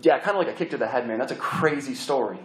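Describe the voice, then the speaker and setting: A young adult man preaching a storytelling sermon in an animated, chatty way, full of restarts. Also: medium pitch, fast, a little hiss or hum. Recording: roomy hall echo.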